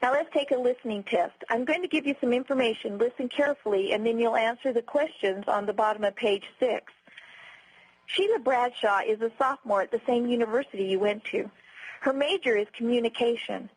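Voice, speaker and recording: Woman trainer with a husky voice. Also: on the high side, no echo, rough recording. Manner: clear, instructive, evenly paced delivery. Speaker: customer service trainer. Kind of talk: scripted training lecture.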